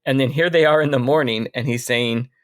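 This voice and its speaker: A man's voice: mid-range voice, brisk, no room sound. A man co-hosting a podcast, casually talking through a book with dry wit and reading passages aloud. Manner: wry, reads passages aloud. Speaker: podcast co-host.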